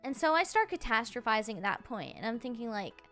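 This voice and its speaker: Chatty woman around thirty, smooth voice. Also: on the high side, big pitch swings, fairly bright tone, faint music behind. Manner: chatty, heavy on "like" fillers, halting restarts. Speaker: streamer. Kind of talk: casual storytelling.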